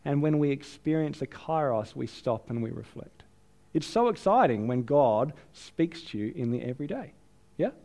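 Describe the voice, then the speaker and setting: An Australian man preaching a sermon, telling a self-deprecating story in a lively, chatty way. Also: on the high side, moderate pace, vocal fry. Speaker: pastor. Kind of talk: sermon with personal anecdote.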